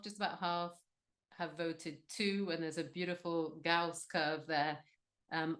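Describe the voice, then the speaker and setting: A woman's voice: lowish voice, fairly bright tone. A woman moderating an online business webinar, upbeat and encouraging, with many fillers.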